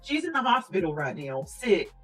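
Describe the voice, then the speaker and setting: Woman livestreamer clearing her throat often. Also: mid-range voice, big pitch swings, moderate pace, a bit bright, faint music behind, low-quality recording. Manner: earnest, prayerful, speaks straight to viewers. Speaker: livestream host. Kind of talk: casual livestream chat.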